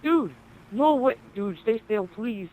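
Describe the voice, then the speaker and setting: A young man acting out an excited friend taking a picture, in a hushed, eager voice, with faint noise and a distant mic. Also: high voice, slow, phone-quality sound, exaggerated voice.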